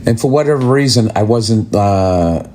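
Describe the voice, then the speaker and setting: A man's voice: lowish voice, expressive, moderate pace, mellow. Male comic, exasperated profane rant, podcast storytelling delivery. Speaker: comedian.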